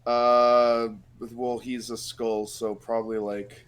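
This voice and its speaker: A man's voice: medium pitch, flat delivery, slow, smooth. A young man riffing in casual banter over gameplay, rambling and laughing often. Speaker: let's play commentator. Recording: game music underneath.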